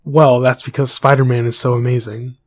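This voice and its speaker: A young man chatting on a podcast in a dry, close-miked sound. He talks at a medium pitch with a playful, teasing edge as he runs the show. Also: level tone, fairly quick, no room sound. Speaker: podcast co-host. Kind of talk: casual podcast chat.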